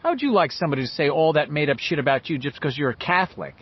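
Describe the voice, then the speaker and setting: A man's voice: a little high, lively intonation, fast, husky, highs cut off, pitched above the performer's own voice. A man doing an earnest little boy. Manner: earnest, indignant. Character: small sickly boy, earnest and quick to protest.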